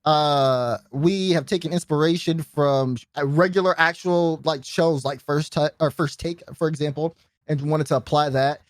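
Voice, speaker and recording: Young man with a fairly high voice. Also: normal speed, no room sound, clean studio sound. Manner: storytelling, animated, fond of quoting others. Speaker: podcast co-host and guest. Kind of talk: casual podcast chat.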